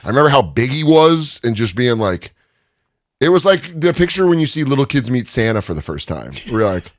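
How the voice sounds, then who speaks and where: A man telling stories as a guest in a studio interview, chatty and animated, acting out the people he quotes. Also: brisk, no room sound. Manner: animated, chatty, acts out quotes with lots of pitch swings. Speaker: guest, stand-up comedian. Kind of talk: casual storytelling in an interview. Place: podcast studio.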